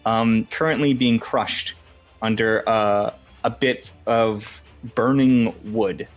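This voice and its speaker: A man's voice: on the low side, steady tone, slow, soft background music. A young man narrating as game master in a casual, swearing, filler-laden way.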